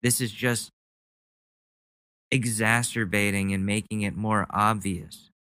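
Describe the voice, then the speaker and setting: A man's voice: lowish voice, fairly even intonation, slow pace, pushed and bright, clear, resonant tone, no room sound. A man hosting a podcast, ranting about the news with sarcastic, mocking commentary. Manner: sarcastic, mocking, goes on rants. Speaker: podcast host. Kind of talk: casual comedic commentary.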